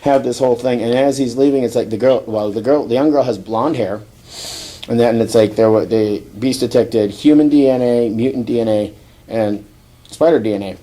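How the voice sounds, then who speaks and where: A man with a mellow, warm voice hosts a podcast and rambles through a comic book recap. He talks loosely with fillers and restarts, chuckles often, and now and then jumps into short character voices. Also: medium pitch, normal speed. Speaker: podcast host. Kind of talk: casual comic book review chat.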